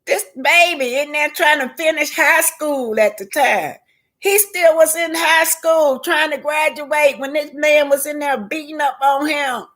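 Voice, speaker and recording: A woman with a high voice gives unhurried commentary on show clips, speaking straight to her viewers. She is emphatic and circles back to repeat her points. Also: a bit bright. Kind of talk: casual vlog commentary.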